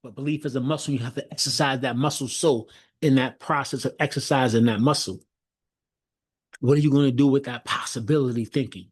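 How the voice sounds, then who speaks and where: A man's voice: mid-range voice, steady tone, fairly quick, breathy edge. A middle-aged man giving a motivational leadership talk, repeating phrases with a preacher-like emphatic cadence and frequent restarts, as if on a video call. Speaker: leadership coach.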